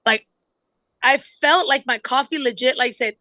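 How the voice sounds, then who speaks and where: A young woman co-host tells a story in a lively, casual way and swears freely. Her voice sits a little high. The sound is close and dry, with no room echo. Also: a little slow. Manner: animated storytelling, swears often. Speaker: podcast co-host. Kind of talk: casual chat.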